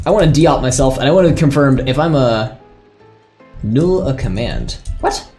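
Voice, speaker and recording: A man's voice: mid-range voice, lively intonation, normal speed, darkish tone, faint music behind. A man chatting casually on a live stream as a server admin, thinking aloud and laughing often.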